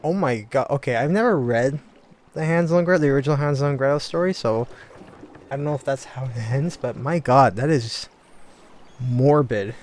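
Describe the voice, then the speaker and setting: Man, let's play commentary, halting, thinking out loud, middle pitch, faint hiss. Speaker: gamer.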